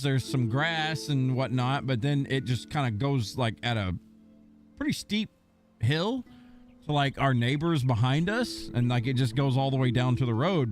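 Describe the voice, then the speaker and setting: Male streamer, higher-pitched, very lively delivery, rambling and casually profane; faint music bed. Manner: animated rambling storyteller, swears casually. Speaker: game streamer. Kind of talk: casual chat while gaming.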